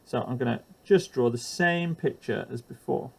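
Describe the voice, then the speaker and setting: A man's voice: medium pitch, moderate pace, gravelly. A man explaining a chemistry lesson for teachers while drawing, hesitant with frequent ums and uhs and the odd self-deprecating aside.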